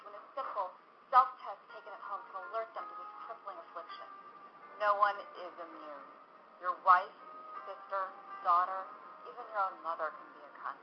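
A woman's voice: mid-range voice, close to an everyday voice. A woman voicing a parody public-service announcement in a solemn, pleading tone. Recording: dull lo-fi recording. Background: music.

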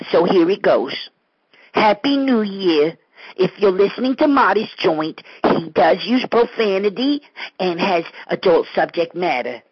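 A man's voice: high voice, muffled recording, voice pushed up, exaggerated voice. A man voicing a timid, whiny, put-upon guy who stammers nervously and complains at length. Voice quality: raspy, gravelly.

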